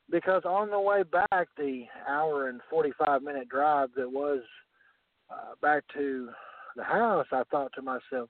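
A man's voice: on the high side, normal speed, dry recording. A man with a Southern accent, a wrestling commissioner, delivering boastful, menacing trash talk. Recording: tinny phone line, dry.

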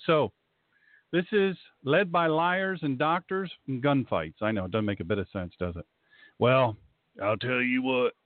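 A man's voice: mid-range voice, no echo. A man with a Southern accent hosting a faith and politics talk show in a folksy, rambling, fired-up way. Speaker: talk show host and pastor. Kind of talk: casual radio talk. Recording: tinny dry phone-line audio.

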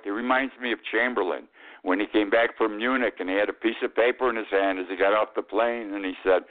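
A man's voice: on the low side, fast, gravelly. A man hosting a weekly political talk show, giving rambling, indignant opinions with fillers and emphatic outbursts. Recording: tinny phone-like sound.

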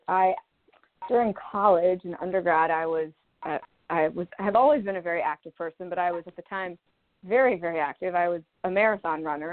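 A woman in her thirties from Maryland, a naturopathic doctor telling her own story in a chatty interview, acting out quotes as she goes. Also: on the low side. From Maryland, USA. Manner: chatty, with quoted asides and laughs. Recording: phone-line sound.

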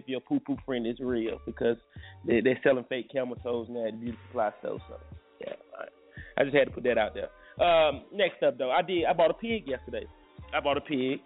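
A man hosting a casual morning radio chat, rambling and joking as he talks. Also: mid-range voice. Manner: rambling and joking, many restarts. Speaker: morning show host. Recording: tinny phone-like audio with faint music.

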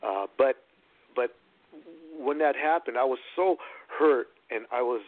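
Middle-aged actor-producer calling in by phone, rambling storyteller with a mid-range voice. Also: male voice, medium pitch, a little slow, no room sound. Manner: animated, rambling retelling with many restarts. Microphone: phone line. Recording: phone-line radio call-in.

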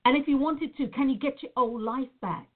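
Talking a little fast in a fairly high voice, a reflexologist from Nevada shares a personal reflection, earnest and thoughtful, addressing her viewers as "guys" in a casual spiritual talk. The audio is tinny and narrow, like a phone line.

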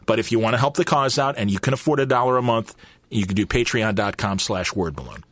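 A man in his fifties hosting a podcast in a studio, telling stories in a lively, chatty way. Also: on the low side, quick pace, no echo. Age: 50s. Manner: animated storytelling with quoted voices. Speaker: podcast host. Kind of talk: casual chat. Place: recording studio.

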